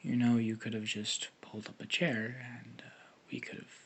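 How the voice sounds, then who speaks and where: A man voicing a shy teenage girl classmate who scolds gently in a hushed, half-whispered way. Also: fairly low pitch, flat delivery, moderate pace, slight background noise. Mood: scolding.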